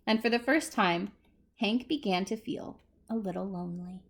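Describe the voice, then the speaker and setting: A woman's voice: medium pitch, normal speed, vocal fry. A woman librarian reading a picture book aloud to preschool children, asking them questions as she goes. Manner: animated, talks to small children.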